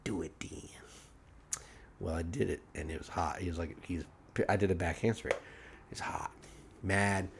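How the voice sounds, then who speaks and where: A man's voice: sits low, normal speed, vocal fry, background noise. A man hosting a casual podcast, telling stories among friends, acting out the quotes with lots of laughter. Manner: animated, acts out quotes, laughs often. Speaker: podcast host.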